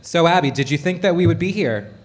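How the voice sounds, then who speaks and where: A man's voice: on the high side, lively intonation, quick pace. Male podcast co-host, upbeat and eager, live-stage interviewer. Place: sports bar, live show.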